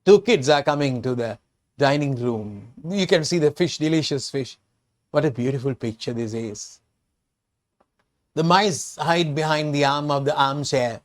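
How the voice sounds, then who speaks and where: An English teacher with a Sri Lankan English accent and a mid-range voice guides learners through a storybook, explaining slowly and repetitively.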